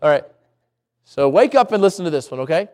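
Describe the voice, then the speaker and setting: High-voiced animated male pastor preaching. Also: brisk. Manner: animated, swings pitch widely, addresses congregation directly. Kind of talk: sermon.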